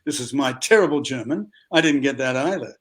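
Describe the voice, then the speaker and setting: A man's voice: medium pitch, fairly quick. Older Australian man telling stories. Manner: lively storyteller who acts out other people's voices. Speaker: guest actor. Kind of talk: anecdotal interview storytelling.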